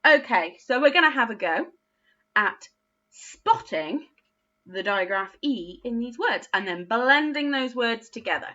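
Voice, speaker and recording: A woman teaching a phonics lesson to young children, speaking slowly with exaggerated, encouraging praise. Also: a little high, animated, bright, forceful tone, dull audio. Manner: slow, encouraging, sing-song teacher talk with exaggerated praise. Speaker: early years teacher.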